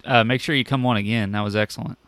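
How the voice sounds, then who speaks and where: A man's voice: fairly low pitch, fairly even intonation, fast talker, a bit bright, no room sound. A man co-hosting a podcast, dropping in short, dry remarks during casual chat.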